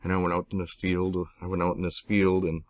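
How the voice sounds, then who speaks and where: A man being interviewed, telling a personal story in a halting, rambling way with many restarts and some swearing. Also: low voice, completely flat delivery, dry recording. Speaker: interviewee recounting personal experiences. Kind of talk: casual spoken storytelling.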